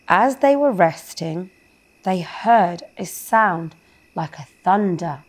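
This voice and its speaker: Slow, gentle woman reading a bedtime story. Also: on the low side, expressive. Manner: slow, gentle, asks children questions. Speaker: storyteller for a kids show.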